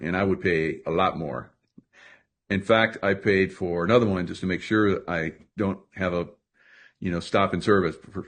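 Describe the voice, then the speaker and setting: A man hosting a casual group video call, talking loosely with many fillers and restarts. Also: deep voice.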